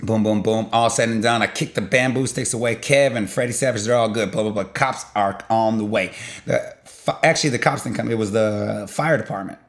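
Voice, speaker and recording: A young man telling a long story in a loose, rambling way, full of filler and sound effects. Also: a little fast. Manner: rambling, peppered with "blah blah" and "boom"; animated, jumps in loudness while retelling. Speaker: vlogger.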